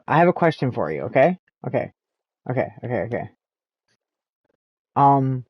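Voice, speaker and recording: A man's voice: mid-range voice, very animated, moderate pace, pauses often, husky, no room sound, highs cut off. A man with a Canadian accent, chatting in a rambling, casual way while streaming a game and laughing often. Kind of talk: casual chat while gaming.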